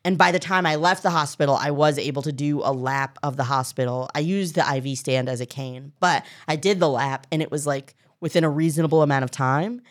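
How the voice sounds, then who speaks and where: A woman comedian as a podcast guest, telling a story in a lively way and acting out the people in it. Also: low-pitched, brisk, few pauses. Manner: animated storytelling, acts out quoted people. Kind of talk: casual podcast conversation.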